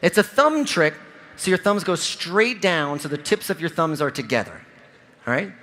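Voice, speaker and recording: A man in his forties gives an energetic keynote from a convention stage. His voice sits high for a man, and his pitch swings widely as he tells his stories. His tone is bright and forceful as he pulls the audience in. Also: moderate pace. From Ohio. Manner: energetic, storytelling, audience-engaging. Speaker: keynote speaker. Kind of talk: motivational keynote speech. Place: large convention hall stage.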